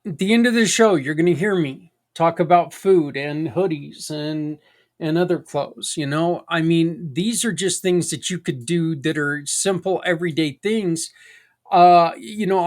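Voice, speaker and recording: A middle-aged man hosting a podcast in a casual, folksy, rambling monologue. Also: on the high side. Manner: conversational, folksy, rambling with asides. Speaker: podcast host.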